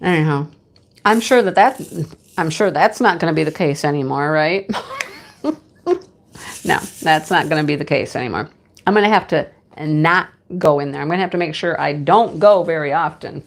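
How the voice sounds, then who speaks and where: A woman's voice: deep voice, normal speed. A middle-aged woman hosting a casual livestream, chatting with viewers by name and laughing often. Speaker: livestream host.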